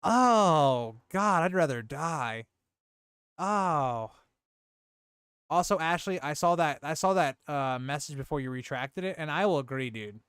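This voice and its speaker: A young man casually reviewing a TV episode on a live stream, animated and exclamatory, peppering his talk with "like" and "dude". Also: fairly high pitch, measured pace, clear, resonant tone, no room sound, clean studio sound.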